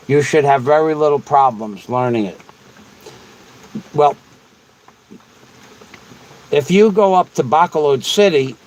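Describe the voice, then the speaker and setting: Slow-talking, rambling man on a livestream. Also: medium pitch, slight background noise, low-quality recording. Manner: rambling and repetitive. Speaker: livestream host. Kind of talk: casual livestream chat, answering viewers.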